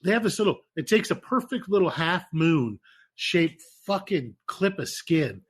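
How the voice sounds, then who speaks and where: A man co-hosting a podcast, telling rambling stories in a casual, profane, animated way. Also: fairly high pitch, unhurried, breathy edge. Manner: animated, profane, laughing storyteller. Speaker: podcast co-host. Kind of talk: casual chat, storytelling.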